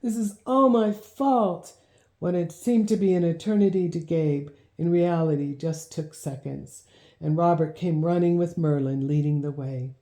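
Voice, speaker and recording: Low, mellow woman reading a storybook. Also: normal speed. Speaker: audiobook narrator. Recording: roomy echo.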